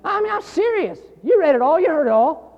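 A male pastor preaching a sermon, emphatic and repetitive, building louder on key lines. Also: very high voice, sing-song, fairly quick. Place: church sanctuary. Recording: dull sound in a long reverberant hall.

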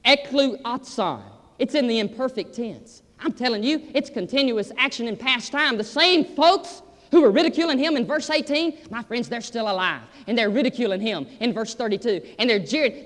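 A man's voice: very high voice, animated, normal speed, hardly any pauses, a bit bright. A man preaching a sermon with emphatic, repetitive exhortations. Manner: emphatic, repeats "I'm telling you". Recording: reverberant hall.

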